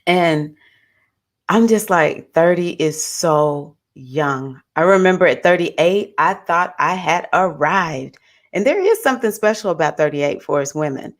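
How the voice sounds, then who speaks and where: Low-voiced woman in her fifties. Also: expressive, normal speed. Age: 50s. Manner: gentle, encouraging, reflective, with soft laughs. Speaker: host of a spiritual livestream. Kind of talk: casual spiritual chat.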